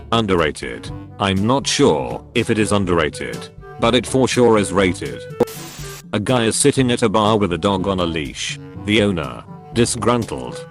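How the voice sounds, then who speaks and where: Man, low voice, lively pitch, scripted joke narration, deadpan, soft background music. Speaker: narrator reading Reddit posts.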